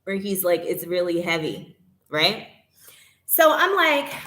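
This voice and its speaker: A woman vlogger talking casually to her viewers, retelling a complaint with animated indignation. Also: lowish voice, slow, long pauses, echoey room, slight background noise. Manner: animated, indignant retelling, reads chat aloud.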